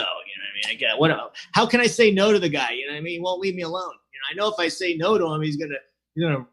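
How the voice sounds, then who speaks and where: A man with a slightly higher voice talks through his recovery story over a video call, chatty and loose. He acts out both sides of old conversations and keeps saying "you know". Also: quick pace, fairly bright tone, husky. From California. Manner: chatty, acts out quoted dialogue, says "you know" a lot. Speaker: recovery meeting speaker. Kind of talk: personal recovery story, casual. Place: online meeting, at home. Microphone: computer mic on a video call.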